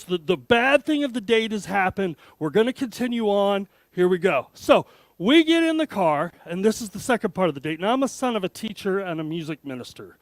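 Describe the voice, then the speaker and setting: Guest speaker in his fifties, high-pitched and lively, joking at his own expense, dry close sound. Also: dry recording. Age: 50s. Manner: animated, self-deprecating, joking. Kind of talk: humorous storytelling talk to an audience.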